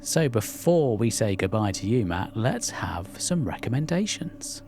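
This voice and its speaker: A man's voice: on the low side, big pitch swings, unhurried, a little mellow, a little hiss or hum. A man co-hosting a podcast in casual chat, easygoing, with brief replies and questions for his guest. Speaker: podcast co-host.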